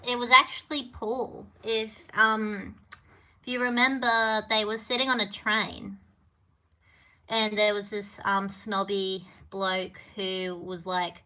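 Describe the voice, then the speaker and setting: A woman's voice: medium pitch, steady tone, a little slow, pushed and bright. A woman hosting a trivia quiz on a casual live stream, chatty and meandering, with lots of fillers and little apologies. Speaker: livestream trivia host. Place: home with a piano.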